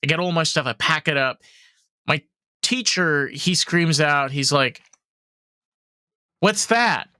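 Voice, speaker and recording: A young man hosting a podcast, telling animated, profanity-laced stories in casual chat full of fillers. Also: a little high, a little slow, clear, resonant tone, no echo, clean studio sound. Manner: animated storyteller, swears freely, many fillers. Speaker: podcast host.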